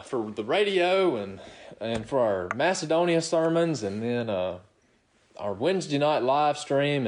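Man, middle-aged pastor, sermon, conversational, chuckling, animated pitch. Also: roomy sound. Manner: conversational preaching with frequent chuckles and "you know what?".

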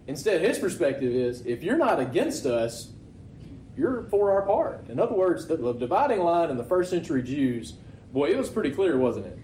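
A pastor preaching a conversational sermon, often asking the congregation rhetorical questions. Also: male voice, on the high side, very animated, normal speed, mellow, echoey room, slight background noise, poor audio.

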